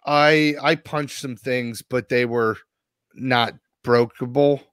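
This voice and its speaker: A man co-hosting a podcast, telling a long rambling story full of swearing. He is sore and worn out after a rough day. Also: mid-range voice, fairly even intonation, slow pace, fairly bright tone, no room sound, clean studio sound. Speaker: podcast co-host. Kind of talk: casual podcast chat.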